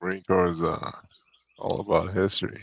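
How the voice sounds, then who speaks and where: Slow gravelly midwestern guy, rambly and giggly, kinda dull lo-fi mic. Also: sits low, flat delivery, fairly bright tone, a little hiss or hum. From United States. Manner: rambling, giggly, frequent restarts. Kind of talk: casual chat.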